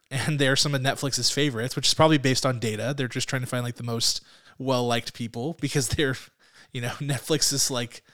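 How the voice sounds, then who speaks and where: Man, podcast co-host, rounded clear voice, rambling casual chat. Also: medium pitch, fairly bright tone. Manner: rambling, laughs often, searches for words.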